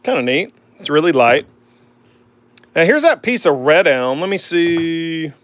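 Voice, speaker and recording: On a dry recording, a man's voice sits on the high side, animated and unhurried with a fairly bright tone. He's an Oklahoma-accented woodturning host in his forties chatting with livestream viewers from his home shop by the lathe, easygoing and rambling, full of "man" and "uh."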